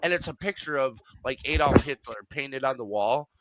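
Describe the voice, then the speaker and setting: A man's voice: medium pitch, expressive, moderate pace, fairly bright tone, no echo, poor audio. A man hosting a casual stream chat, rambling with lots of fillers and restarts. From Wisconsin. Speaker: stream host.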